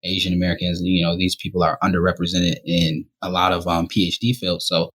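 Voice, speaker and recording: A young man from Rochester, New York, guesting on a podcast and telling candid stories in a relaxed, conversational way. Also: deep voice, fairly quick, slightly rough. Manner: relaxed, conversational, often says "you know". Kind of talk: candid storytelling.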